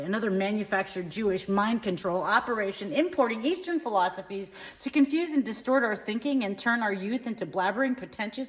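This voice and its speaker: A woman's voice: mid-range voice, lightly acted. A woman playing a dim-witted, bigoted comedy character who rambles from tangent to tangent in a satirical monologue. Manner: rambling, mishears words, flits between tangents.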